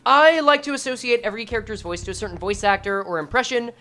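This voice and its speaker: A woman streamer casually bantering with chat while reading a game aloud, playful and animated. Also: fairly high pitch, fast talker.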